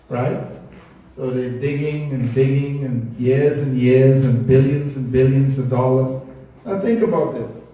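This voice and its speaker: A man's voice: medium pitch, steady tone, measured pace, warm tone. Earnest man, echoey and distant. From Bahamas. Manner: earnest, persuasive, speaks of a spiritual perspective. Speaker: speaker at a public talk. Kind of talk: public talk with slides. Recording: echoey room recorded from afar.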